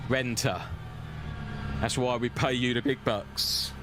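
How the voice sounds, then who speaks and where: A man streaming a sim racing game live, chatting and joking with his viewers as he drives, his voice close and loud on his own desk mic. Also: medium pitch, steady tone, takes it slowly, background noise. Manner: chatty, banters with chat, cheeky. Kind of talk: live-stream gameplay commentary.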